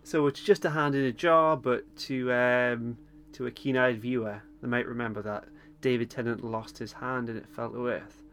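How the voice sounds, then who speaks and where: A man co-hosting a podcast, recapping an episode in relaxed chat, laughing often and pausing with lots of ums. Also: medium pitch, slight background noise. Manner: chatty, laughs often, hesitant with many ums. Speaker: podcast co-host.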